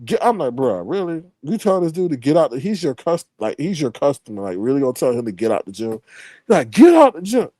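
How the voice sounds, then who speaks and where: A man casually telling a story, animated, swearing freely and acting out the other people's voices. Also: mid-range voice, quick pace, dry recording, studio quality.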